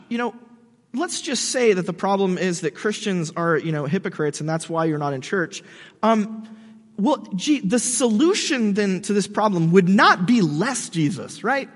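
Casual male preacher with a high voice, slangy and animated, speaking in a hall with long reverb. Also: normal speed. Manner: slangy and animated, says "dude", restarts words. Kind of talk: casual sermon addressed to skeptics.

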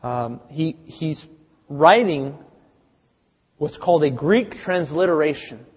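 A man preaching a sermon, telling the story dramatically with big swings in loudness. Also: fairly high pitch, expressive, slow, husky. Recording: dull sound with long reverb.

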